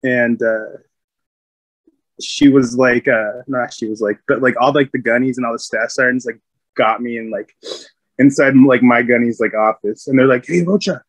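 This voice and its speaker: A man telling stories from his military days in a loose, casual way, rambling and packing his talk with fillers. His voice sits at a middling pitch and is recorded close and dry. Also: flat delivery, moderate pace, no echo. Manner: rambling, full of fillers, laughs often. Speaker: Marine veteran guest. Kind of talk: casual storytelling.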